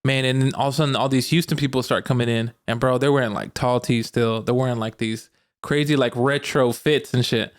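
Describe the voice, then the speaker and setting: Young man, relaxed podcast chat, slangy, easy laughs, mid-pitched voice. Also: fairly quick. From Arkansas. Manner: laid-back, slangy, laughs often. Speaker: podcast co-host. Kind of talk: casual chat.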